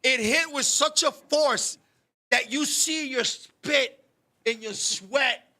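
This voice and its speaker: A man co-hosting a talk show, telling a comic story in an animated, profane way and acting out scenes with sudden shouts. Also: very high-pitched, slow. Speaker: podcast co-host.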